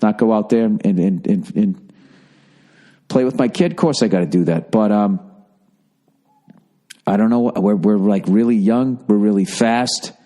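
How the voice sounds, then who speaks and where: A man's voice: on the low side, unhurried, long pauses, mellow. A man, hosting a podcast in a casual, profane, self-mocking rambling monologue. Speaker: podcast host.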